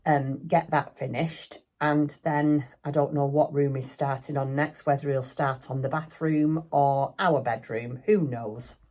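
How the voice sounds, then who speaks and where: Older woman, low and mellow, rambling chatty vlogger talking to camera at home. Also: steady tone, a little slow, few pauses. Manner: chatty, rambling, self-deprecating. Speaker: craft vlogger. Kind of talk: casual chat. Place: home craft room.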